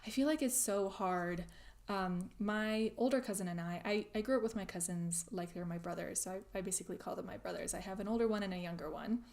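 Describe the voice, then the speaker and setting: A young woman hosting a crafting livestream, chatting casually while reading viewer comments, laughing often and trailing into soft asides. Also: medium pitch, fairly quick. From grew up speaking German at home in the US. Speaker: crafting channel host.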